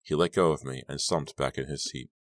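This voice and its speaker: A man's voice: a bass voice, fairly even intonation, fairly quick, no room sound, clean studio sound. A man narrating a horror novel in first person, in a tense, dramatic storytelling manner. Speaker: audiobook narrator.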